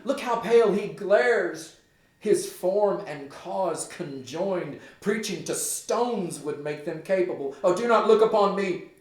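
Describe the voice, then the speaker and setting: A man reading the part of a frantic young prince who sees his father's ghost, declaiming loudly and urgently. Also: natural voice. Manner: loud, high, urgent declaiming. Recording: roomy echo.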